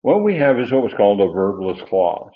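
In a dull, lo-fi recording, a man with a fairly low voice and big pitch swings lectures on Bible grammar a little fast. He digresses constantly, full of fillers and restarts, before hammering hard on his key points.

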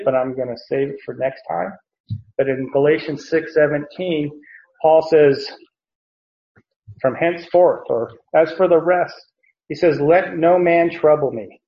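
A man with a gravelly, creaky voice works through a Bible passage verse by verse. He explains in a loose, conversational way and circles back to repeat his points. The recording sounds dull and lo-fi. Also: fairly high pitch. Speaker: Bible teacher.

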